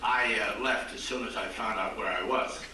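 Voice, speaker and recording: A man's voice: fairly low pitch, fairly even intonation, moderate pace. An older man from Ohio doing stand-up jokes at a banquet, with a dry joke-telling delivery and quoted voices. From Akron, Ohio. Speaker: comedian at a roast dinner. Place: large banquet hall. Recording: echoey banquet hall from far off, noisy.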